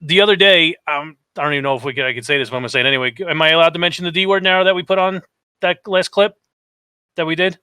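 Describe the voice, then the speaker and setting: Bright-voiced man telling podcast stories. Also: on the high side, very fast, clear, resonant tone, dry recording. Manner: animated storytelling, acts out quotes. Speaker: podcast co-host. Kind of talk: casual podcast chat.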